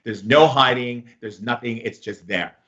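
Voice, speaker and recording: A man's voice: medium pitch, measured pace, a bit bright. A man giving a casual spiritual lesson, rambling and full of filler words, recorded slightly muffled. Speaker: spiritual teacher.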